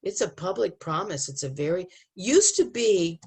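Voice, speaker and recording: A woman's voice: lowish voice, big pitch swings, moderate pace, darkish tone, slightly rough. Middle-aged woman, from the US, emphatic, storytelling, quotes people in voices. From United States. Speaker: speaker on marriage and family. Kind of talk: lively talk to an audience.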